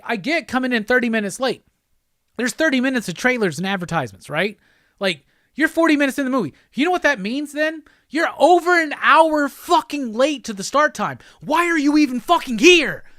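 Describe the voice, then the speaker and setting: A man's voice: high voice, a bit bright, no echo, studio quality. A man hosting his show, delivering a profane, exasperated rant with emphatic repetition. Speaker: host. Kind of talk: profane ranting monologue.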